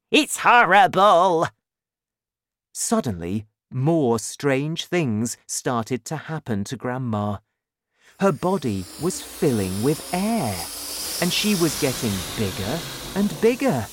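A woman narrating a children's storybook in a slow, clear, expressive reading. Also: very deep voice, slight background noise.

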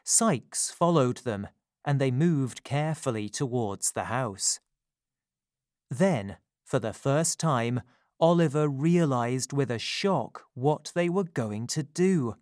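A storybook narrator reading at a deliberately slow, measured pace. The voice sits at a middling pitch and is recorded close and dry, with no room sound. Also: lively intonation, a little mellow, no room sound.

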